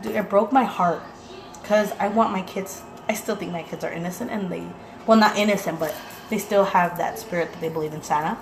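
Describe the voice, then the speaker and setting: A woman in her thirties, a mother vlogging at home in a casual, animated chat, slipping in Spanish phrases now and then. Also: on the low side, brisk, reverberant, background noise.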